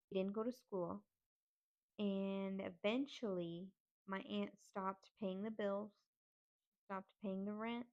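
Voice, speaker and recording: Brief: woman podcast host, blunt and profane storytelling, mid-pitched voice, slightly dull audio. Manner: candid, profane, conversational. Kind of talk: personal storytelling.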